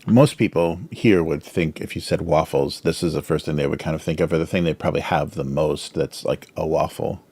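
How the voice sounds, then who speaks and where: A man's voice: extremely low pitch, fairly quick, few pauses, mellow, slightly rough. A man hosting a casual drawing livestream, rambling with many fillers and talking with his mouth full as he snacks. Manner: filler-heavy, chuckles often. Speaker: livestream host, cartoonist.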